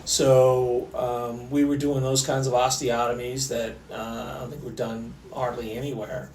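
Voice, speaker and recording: A middle-aged man, an orthopaedic surgeon, tells stories in a relaxed way, with many fillers and restarts. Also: medium pitch, measured pace, reverberant, distant mic, slight background noise, rough recording. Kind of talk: conversational storytelling interview.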